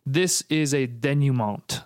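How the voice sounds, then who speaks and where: A man's voice: mid-range voice, slow pace, no room sound, clean studio sound. Playful, reflective man co-hosting a podcast. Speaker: podcast co-host. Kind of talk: casual conversational podcast.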